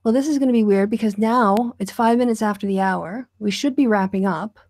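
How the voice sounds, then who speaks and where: An American woman hosting a casual video call chat, bubbly and quick to laugh as she tells stories. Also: mid-range voice, a little mellow, dry recording, studio quality. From United States. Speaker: host.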